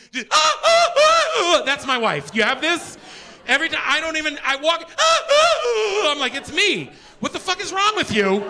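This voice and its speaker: A middle-aged man doing stand-up on stage, energetic and profane, swinging from loud bits to muttered asides. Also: extremely high pitch. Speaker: stand-up comedian. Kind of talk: stand-up comedy set. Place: theater stage before a live audience.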